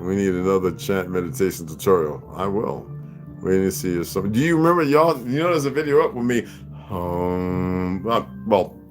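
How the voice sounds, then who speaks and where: A man hosting a casual livestream, rambling and profane, who laughs often as he talks. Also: low voice. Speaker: livestream host. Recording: music playing clearly behind.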